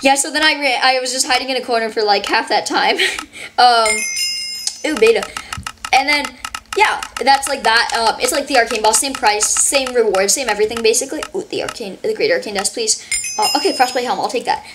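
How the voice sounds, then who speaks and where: A woman giving casual, rambling gameplay commentary full of "like", her voice a bit worn from yelling. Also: on the high side, a little fast, noisy background. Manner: rambling, fillers of "like", excitable. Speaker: gaming channel host.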